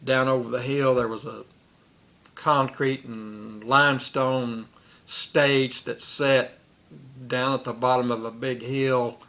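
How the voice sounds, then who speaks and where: A man's voice: mid-range voice, fairly even intonation, slow, a bit bright. A man recounting a personal memory in a rambling way, with restarts and asides. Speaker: storyteller.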